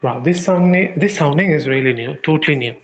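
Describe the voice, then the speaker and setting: A man teaching a language lesson, speaking deliberately and repeating each sound several times for his students. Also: on the high side, lo-fi sound. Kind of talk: slow classroom-style lesson.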